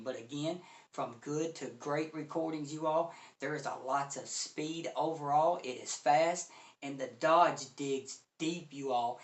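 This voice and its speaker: A man giving an effusive, excited review of audio gear, talking straight to his viewers and calling them "you all" again and again. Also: medium pitch, echoey room. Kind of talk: enthusiastic product review.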